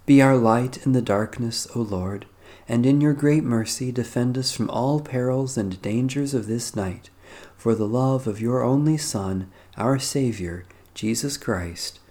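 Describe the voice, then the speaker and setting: Slow, mellow man leading evening prayer. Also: mid-range voice. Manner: measured, solemn liturgical reading. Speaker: prayer leader.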